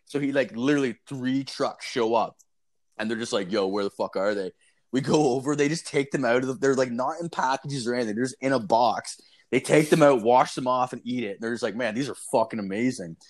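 A man's voice: mid-range voice, brisk. A man telling rambling, profane stories in a casual online voice call. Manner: profane, rambling, animated storytelling. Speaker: storyteller in casual chat. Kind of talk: casual chat.

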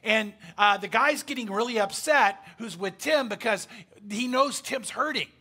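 A man's voice: sits high, measured pace, sharp tone. A man preaching a sermon, telling a story in an emphatic, conversational way with frequent fillers. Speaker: pastor.

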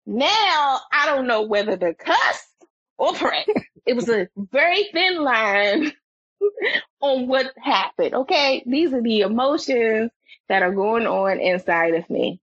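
A woman telling a story as a podcast guest, animated and expressive, her voice climbing higher when she gets excited. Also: husky, dry recording, lo-fi sound. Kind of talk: animated storytelling in casual chat.

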